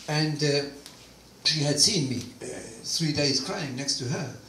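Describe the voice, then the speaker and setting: A man giving a personal testimony talk, animated storytelling with quoted dialogue, in a hall. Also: on the high side, unhurried, slight background noise. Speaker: guest speaker. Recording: roomy distant hall recording, faint ambience.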